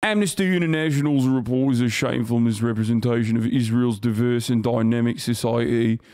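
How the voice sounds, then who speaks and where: A stiff, pompous British spokesman, as a man puts him on, reads out an official statement. The delivery is formal, measured and declamatory. The tone is a little fuller than the performer's usual voice. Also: mid-range voice, darkish tone, smooth, close to an everyday voice. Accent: put-on British.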